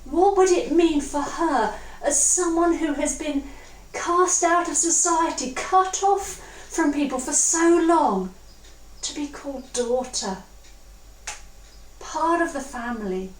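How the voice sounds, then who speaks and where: A woman from England preaching a sermon, reflective and earnest, slowing down to stress key words. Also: sits high, a little hiss or hum. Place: church hall. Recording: roomy, distant mic.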